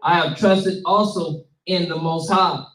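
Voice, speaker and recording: A man reading scripture aloud in a slow, measured way. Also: on the high side, fairly even intonation, a bit bright, recorded from a distance. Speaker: scripture reader. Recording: roomy, off-mic.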